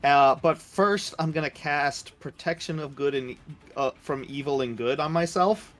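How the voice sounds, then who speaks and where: A man playing a tabletop game, talking slowly and hesitantly as he plans his move. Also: a little high, fairly bright tone, soft background music. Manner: slow, hesitant, unsure. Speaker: player.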